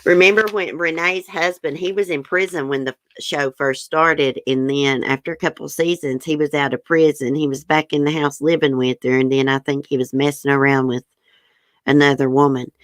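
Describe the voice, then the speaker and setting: A woman in a low voice hosts a livestream at a moderate pace, her tone steady and the recording free of room sound. She reads news and responds to viewer comments, frankly sharing her opinions in a casual chat.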